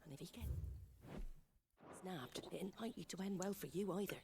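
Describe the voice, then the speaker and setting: A woman's voice: lowish voice, normal speed, gravelly, a crowd in the background. An actress voicing a guarded, dry-spoken tavern landlady in a game. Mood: wary. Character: wary middle-aged woman innkeeper.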